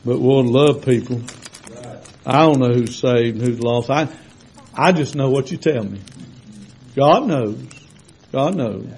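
A man preaching a sermon to his congregation in a folksy, conversational way, swelling to loud, drawn-out emphasis when he reads scripture. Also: mid-range voice, slight background noise, low-quality recording. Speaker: pastor. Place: church sanctuary with congregation.

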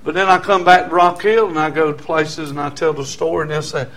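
A man in his sixties with a Southern American accent, giving a testimony sermon in church, swinging from quiet storytelling to near shouting and chuckling often. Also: a little high, fairly even intonation, brisk. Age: 60s.

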